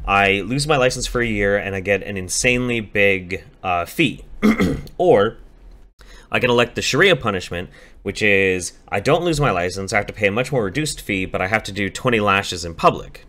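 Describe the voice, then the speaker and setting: A man's voice: on the low side, normal speed. A man on a call, talking bluntly and profanely in a casual debate, telling stories with energy. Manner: blunt, profane, animated storytelling.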